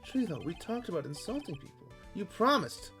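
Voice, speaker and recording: A man doing a chirpy, high young woman. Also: sing-song, a little fast, a bit bright, faint music behind. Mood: scolding. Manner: bubbly, chirpy.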